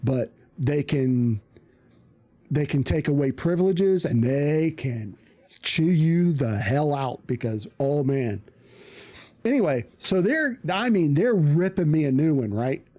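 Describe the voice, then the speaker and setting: Man, casual storytelling, profane, animated, slightly high voice, mellow tone. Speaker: streamer telling a story.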